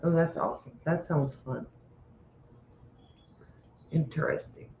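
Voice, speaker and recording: A man with a voice a little on the high side, keeping the chat easygoing and laughing often. The audio is roomy and dull, with a faint hiss behind him. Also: unhurried, creaky, a little mellow. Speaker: livestream co-host. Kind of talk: casual livestream chat.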